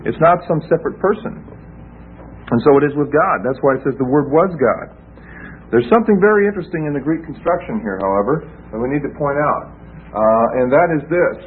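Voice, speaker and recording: A man giving a Bible teaching sermon, explaining slowly and often restarting and repeating his phrases, heard through a tinny lo-fi radio broadcast. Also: a little high, animated. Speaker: preacher.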